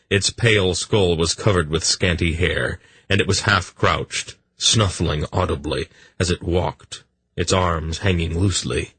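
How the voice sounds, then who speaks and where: Deep, husky fantasy audiobook narrator. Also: male voice, dry recording. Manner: even, measured storytelling.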